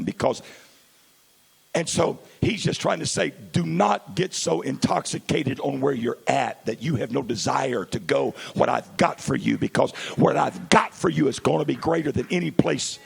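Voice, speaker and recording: A male pastor delivers a sermon in a deeply gravelly, husky voice. He moves between low, quiet asides and loud, stretched-out calls. He speaks at a middle pitch. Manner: swings from quiet asides to loud, drawn-out preaching.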